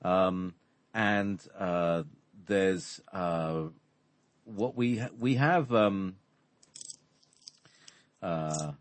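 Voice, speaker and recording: A man explaining spiritual ideas in conversation, halting and full of fillers. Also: low voice, no echo. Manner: hesitant, halting, many fillers. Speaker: spiritual teacher.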